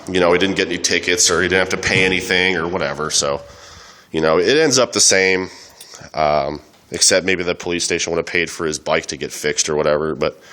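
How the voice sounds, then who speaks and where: A man's voice: low voice, a bit bright. A young man commenting casually on a video, rambling with many fillers, coughing and a little unwell. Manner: rambling, loose, full of fillers. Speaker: vlogger.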